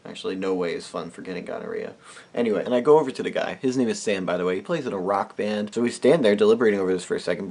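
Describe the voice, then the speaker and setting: A young man from New telling a comic story to camera as a vlogger, animated, now and then breaking into loud silly noises. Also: fairly low pitch, slightly rough.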